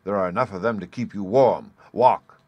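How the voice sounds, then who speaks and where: A cruel, sneering brother, as a male reader puts him on, loud and rough. He mocks with a raised, cutting voice. A storybook villain in a dry sound. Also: sits low, fast, dry recording, lo-fi sound.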